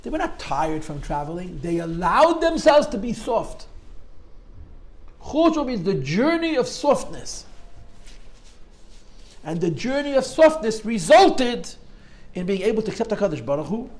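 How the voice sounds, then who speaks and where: A man teaching a Torah class, telling a story with lively, dramatic emotion and acting out the quotes. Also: high voice, measured pace, pauses often, poor audio. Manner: animated storyteller, acts out quotes with rising emotion.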